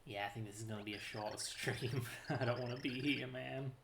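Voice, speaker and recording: Very low-voiced wry woman gamer. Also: steady tone, normal speed, vocal fry, noisy background. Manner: wry, grumbling, jokey. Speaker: co-streamer, player. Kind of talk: casual gameplay chat. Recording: roomy sound with game music behind.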